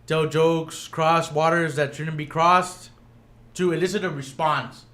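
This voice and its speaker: A man's voice: fairly high pitch, steady tone, a little slow, a bit bright, roomy sound. A man chatting casually on a podcast, telling a story with animation, acting out what others said and switching between Spanish and English mid-sentence. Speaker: podcast host. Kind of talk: casual chat.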